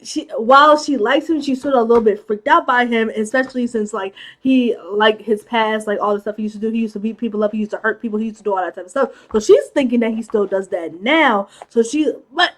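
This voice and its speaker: Chatty high-voiced woman recapping a movie. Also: quick pace, hardly any pauses. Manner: animated, chatty, laughs often, acts out characters' lines; many filler "like"s. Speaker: movie commentary host.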